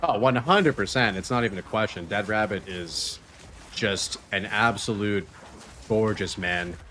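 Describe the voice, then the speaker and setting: A man's voice: fairly low pitch, measured pace, sharp tone, a little hiss or hum. A man streaming a video game, chatting casually, joking and laughing often as he reads chat messages aloud.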